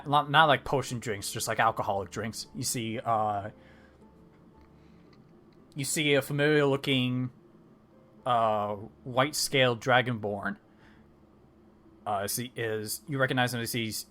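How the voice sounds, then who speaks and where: A man's voice: mid-range voice, measured pace, long pauses, fairly bright tone. A man narrating a tabletop game as dungeon master, rambling with many fillers and restarts.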